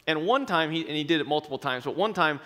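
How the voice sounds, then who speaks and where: A male pastor preaching a sermon in a conversational, self-deprecating way, slowing down for emphatic phrases. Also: a little high, lively intonation, sharp tone. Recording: long reverb in a large hall.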